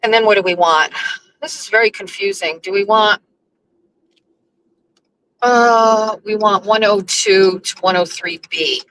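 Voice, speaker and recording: A chatty woman talks to her viewers from behind the wheel, rambling and blunt, with a bright, forceful edge to her voice. She sounds overwhelmed and emotional, and faint noise hums in the background. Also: medium pitch, measured pace, pauses often, low-quality recording. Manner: chatty, scattered, blunt and profane. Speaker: host. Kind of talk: casual live-stream chat while driving. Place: car, driving.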